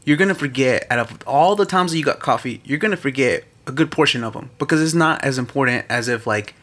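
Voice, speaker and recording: Young male co-host, bright voice, laid-back and bilingual in casual talk. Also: medium pitch, fast talker. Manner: laid-back, mixes Spanish and English. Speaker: podcast co-host. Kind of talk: casual chat.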